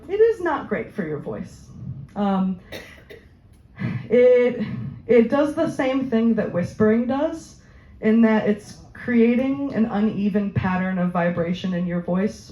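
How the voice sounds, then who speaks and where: A woman speaks slowly and chattily as she answers audience questions about voice care, often laughing and filling pauses with ums. Her voice echoes around a roomy space, the recording a little dull with faint ambient noise behind her. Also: mid-range voice, mellow. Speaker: voice therapist giving a talk. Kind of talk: informal Q&A presentation. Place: community room at a senior living center.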